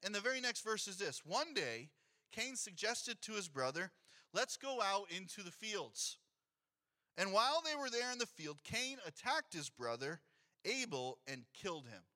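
A man's voice: high voice, sing-song, moderate pace, sharp tone. A man, a pastor, preaching a sermon in a conversational way, reading scripture aloud and adding rhetorical asides to his congregation.

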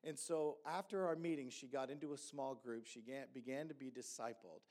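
A man, a pastor, telling a story in a sermon and acting out the dialogue with lively energy. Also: mid-range voice, moderate pace. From Hamilton.

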